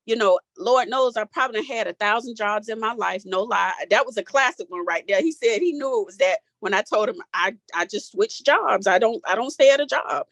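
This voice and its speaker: Her voice is fairly high, expressive and fairly bright, running fairly quick with few pauses and no room sound. A woman in her forties, she's a guest giving personal testimony in a group talk. Candid, emotional and casually Southern, she chokes up as she holds back tears.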